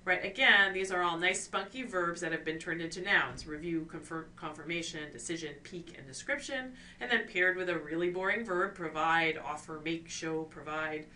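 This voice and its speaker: Woman course lecturer with a bright, forward tone, teaching clearly with rhetorical questions, recorded from a little way off. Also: fairly low pitch, moderate pace, few pauses. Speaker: course instructor. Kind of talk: recorded lecture on scientific writing. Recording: distant mic with faint ambient noise.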